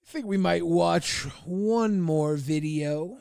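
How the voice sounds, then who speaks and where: A man's voice: on the high side, slow pace, gravelly, darkish tone, clear, resonant tone, no room sound, studio quality. A man hosting a livestream, chatting casually and crudely while reacting to videos, often laughing and swearing. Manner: crude, laughing, puts on silly voices. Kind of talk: casual profane chat.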